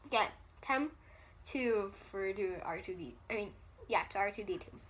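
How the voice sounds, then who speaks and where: A woman's voice: medium pitch, animated, moderate pace, slight background noise. A woman chatting casually in a vlog, rambling, giggly and self-deprecating. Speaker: vlogger.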